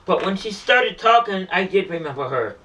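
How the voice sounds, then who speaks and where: A man with a high, bright voice tells a heartfelt story, circling back and restarting his phrases as he goes. His earnest, repetitive delivery is picked up from some distance, so he sounds set back from the mic. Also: expressive, normal speed, a little hiss or hum. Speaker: street performer and vlogger. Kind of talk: emotional personal storytelling.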